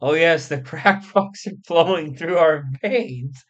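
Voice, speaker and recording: A man's voice: a little high, takes it slowly, a bit bright. A man reading the lines of a mischievous male science showman, laughing his way through them, on a slightly muffled recording.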